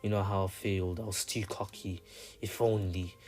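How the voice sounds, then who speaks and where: A man's voice: low voice, moderate pace, close to an everyday voice. A man reading a despairing young ninja boy. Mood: bitter. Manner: bitter, repeats himself flatly. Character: despairing young male ninja calling himself a failure.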